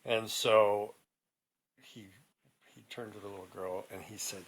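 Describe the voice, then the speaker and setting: A man making up a story for a child, narrating with lively expression and stopping often to ask her questions. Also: on the low side, slow pace, breathy edge, rough recording. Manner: animated, asks the listener questions, laughs along.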